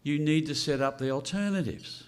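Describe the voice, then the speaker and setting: This older political-launch speaker has a fairly high, clean-toned voice and talks at a normal speed. He addresses the audience bluntly and unscripted, asking rhetorical questions.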